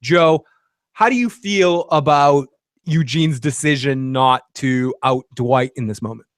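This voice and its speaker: A man's voice: medium pitch, a little slow, no room sound, studio quality. A man hosting a casual live stream, laughing often and reading out viewer comments. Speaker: podcast host.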